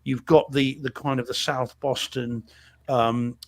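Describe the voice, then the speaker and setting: A man's voice: medium pitch, level tone, a little slow. A man co-hosting a home theater show, chatting casually about a film with lots of fillers and restarts. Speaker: podcast co-host reviewing films. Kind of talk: casual chat.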